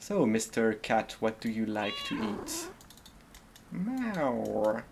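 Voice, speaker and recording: A man's voice: lowish voice, huge pitch swings, a little slow, a little hiss or hum. A man with a French accent giving gameplay commentary, thinking aloud and murmuring to himself while he decides. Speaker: streamer.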